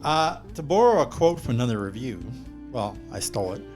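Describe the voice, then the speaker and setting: A man co-hosting a movie review podcast, chatting in a joking, relaxed way with plenty of "uh"s. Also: medium pitch, a little fast, soft background music. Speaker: podcast co-host, film reviewer.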